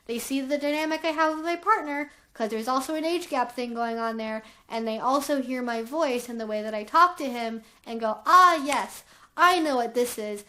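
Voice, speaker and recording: Brief: woman channel host, high voice, candid chatty delivery. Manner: chatty, frank, filler-heavy. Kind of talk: candid conversational vlog talk.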